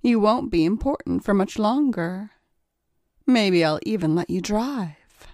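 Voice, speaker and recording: A woman's voice: medium pitch, expressive, a little slow, a little mellow, no echo, clean studio sound, lightly acted. A woman reading the part of a cunning, seductive female kidnapper in an erotic audiobook, with a teasing, cooing manner.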